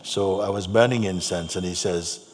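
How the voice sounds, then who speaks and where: Gentle man teaching in a reverberant hall. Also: low-pitched, normal speed. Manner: gentle, repetitive storytelling with soft laughs. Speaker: spiritual teacher. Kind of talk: spoken teaching to an audience. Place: large hall. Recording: long hall reverb, faint hum.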